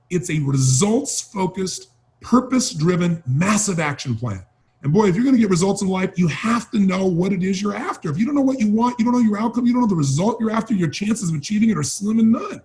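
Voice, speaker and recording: A man's voice: high voice, darkish tone. A man giving an emphatic motivational training talk, urging and repeating key phrases. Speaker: motivational speaker.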